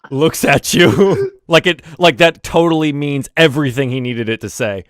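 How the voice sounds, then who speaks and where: A man's voice: on the high side, normal speed, a bit bright, dry recording. Man, game master, rambling narration, dry close sound. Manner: rambling, many fillers.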